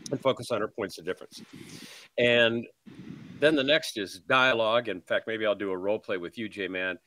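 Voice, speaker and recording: A man's voice: on the low side, moderate pace, bright, forceful tone, dry recording. A man as a sales trainer guest, teaching in a seminar style. He works through numbered points and explains them with everyday examples.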